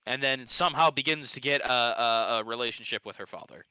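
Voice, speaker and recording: A man's voice: mid-range voice, a little fast, sharp tone, clean tone, dry recording. A man co-hosting a comedy reading, chiming in with brief, dry remarks. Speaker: co-host. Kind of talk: casual comedic commentary. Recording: dry, dull lo-fi mic.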